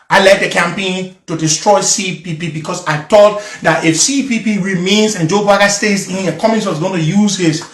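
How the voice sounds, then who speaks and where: Man, emotional and pleading, pitched high, recorded in a roomy echo. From Liberia. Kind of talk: impassioned monologue to followers.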